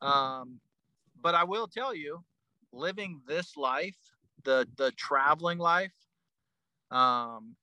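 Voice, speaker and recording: A man's voice: a little high, expressive, takes it slowly, pauses often, sharp tone, no room sound, poor audio. Rambling middle-aged army veteran man. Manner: rambling, frequent "like" and restarts. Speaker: retired army first sergeant, guest. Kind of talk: casual storytelling.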